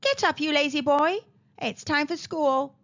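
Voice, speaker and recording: A woman voicing a stern old grandmother who scolds loudly. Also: sits high, big pitch swings, unhurried, full character voice. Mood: scolding. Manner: loud and scolding. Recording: slightly dull lo-fi recording.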